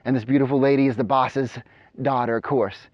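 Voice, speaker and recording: A man's voice: mid-range voice, fairly quick, no room sound. Guy telling a motivational story while jogging uphill outside, dry dull lo-fi sound. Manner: animated, speaking while running uphill. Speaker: motivational coach. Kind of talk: energetic storytelling vlog. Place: outdoors on a steep mountain trail.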